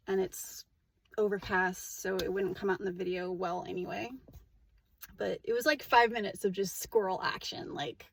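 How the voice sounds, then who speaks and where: A woman vlogger talking in a casual, candid, rambling monologue, full of "like" and restarts. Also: mid-range voice. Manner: rambling and candid, heavy use of "like".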